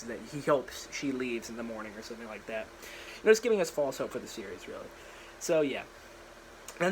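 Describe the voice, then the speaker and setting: A man's voice: mid-range voice, a little hiss or hum, poor audio. A young man casually retelling his story idea on a phone vlog, rambling with lots of fillers and restarts and briefly acting out characters' lines. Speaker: vlogger. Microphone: phone propped up.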